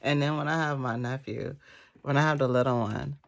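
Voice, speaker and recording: A woman's voice: a bass voice, fairly even intonation, brisk, gravelly. A woman in her thirties chatting casually while doing her makeup, telling stories animatedly and laughing often. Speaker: beauty vlogger. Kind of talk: casual storytelling chat.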